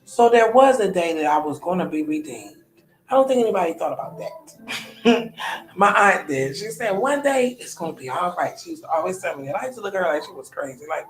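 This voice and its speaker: A woman's voice: lowish voice, big pitch swings, fairly quick, echoey room, faint music behind, poor audio. A woman in her thirties, a podcast host, talking candidly in a personal monologue, colloquial, often trailing off and restarting. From United States.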